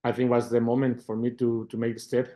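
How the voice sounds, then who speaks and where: Answering interview questions, this middle-aged football manager uses halting English shaped by a Mexican Spanish accent, his voice mid-range. He gets animated retelling conversations and repeats words along the way.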